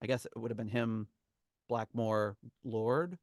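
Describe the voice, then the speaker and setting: This man reads from a memoir on his podcast, chuckling and rambling as he tells the story in casual chat. His pitch is fairly low and his tone darkish, at a measured pace. The studio-quality recording has no echo.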